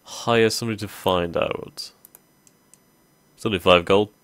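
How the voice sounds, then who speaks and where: A man with a low, deep voice commentates on a strategy game as he plays. He thinks aloud casually, pausing often with ums. The sound is dry and close, with no room around it. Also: fairly even intonation, fairly bright tone, clean tone, dry recording. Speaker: gaming video host. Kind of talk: let's play commentary.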